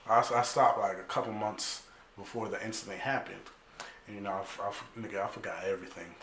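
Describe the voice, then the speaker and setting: A young man telling a story casually, animated and profane, full of slang, acting out other people's lines. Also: lowish voice, a little fast, background noise. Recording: echoey room.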